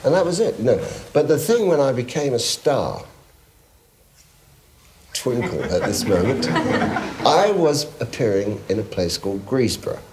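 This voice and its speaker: Lively male storyteller. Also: medium pitch, normal speed, noisy background. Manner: lively storyteller, laughing often. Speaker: guest singer. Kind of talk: chat show anecdote.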